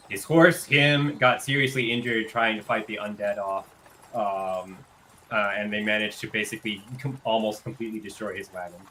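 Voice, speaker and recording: Bright-voiced male game master. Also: fairly low pitch, slight background noise, poor audio. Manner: casual, filler-heavy narration. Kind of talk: narrating a tabletop game.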